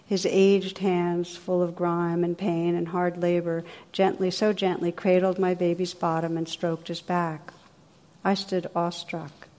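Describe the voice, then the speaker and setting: A woman from New Jersey, working as a meditation teacher, tells a story in a gentle, unhurried dharma talk with soft pauses. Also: on the low side, level tone. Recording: long reverb of a hall.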